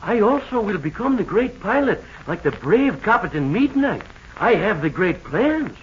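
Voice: medium pitch, sing-song, unhurried, slight background noise. An actor playing a cheerful boy with a Spanish accent in a 1930s radio serial, with a bubbly, enthusiastic manner. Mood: excited. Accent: Spanish-accented English. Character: cheerful Latin American boy. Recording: dull old radio transcription.

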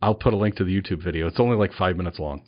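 A man co-hosting a casual podcast chat, talking eagerly and emphatically with quick wisecracks. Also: low-pitched, dull audio. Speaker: podcast co-host.

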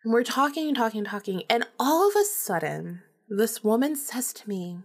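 Young woman, podcast host, breathy and chatty, laughs and swears freely. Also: on the high side, expressive, moderate pace, few pauses. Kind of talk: casual storytelling.

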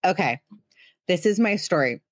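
A woman in her thirties hosts a podcast in a chatty, teasing and self-deprecating way. Her voice sits a little low, and the sound is dry and close with no room echo. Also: animated, moderate pace. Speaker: podcast host. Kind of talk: casual chat.

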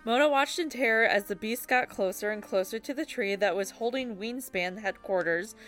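Casting note: woman podcast co-host, mid-pitched, slow stumbling read-aloud, faint music. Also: fairly bright tone. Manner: stumbles over handwriting, laughs through reading. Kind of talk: casual reading of a friend's story.

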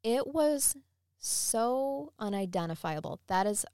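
A woman co-hosting a podcast, telling a true-crime story in a chatty, animated way and laughing often. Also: on the high side, slow, clear, resonant tone, no room sound, clean studio sound. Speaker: podcast co-host.

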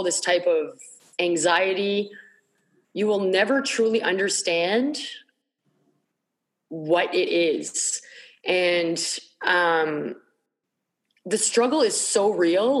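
A woman in her thirties, a podcast guest, telling a personal story candidly; she is earnest and emotional and repeats herself while searching for words. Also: mid-range voice.

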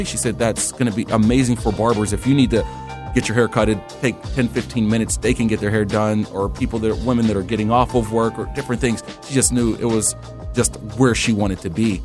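A man reporting the news, calmly retelling what the people he interviewed told him. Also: lowish voice. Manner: measured, retelling what others said. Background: music bed.

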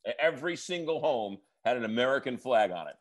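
A man's voice: mid-range voice, expressive, fast. A man co-hosting a podcast, telling earnest stories in casual chat and making fun of himself. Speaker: podcast co-host.

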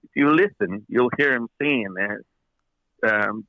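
A man's voice: mid-range voice, unhurried, no echo, dull audio. A man, a record producer as an interview guest, telling long anecdotes with many fillers and restarts. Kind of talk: interview storytelling.

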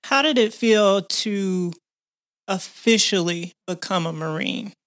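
A woman interviewer asking calm, curious questions. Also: mid-range voice, slow.

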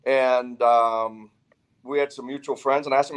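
A man's voice: mid-range voice, moderate pace, rough recording. Older man, from Wisconsin, football coach, chatty, storytelling guest. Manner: chatty, restarts phrases. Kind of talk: casual interview storytelling.

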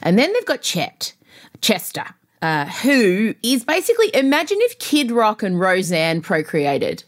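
A woman co-hosting a casual pop culture chat, gossipy and excitable, laughing often. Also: mid-range voice, a little slow. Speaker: podcast co-host.

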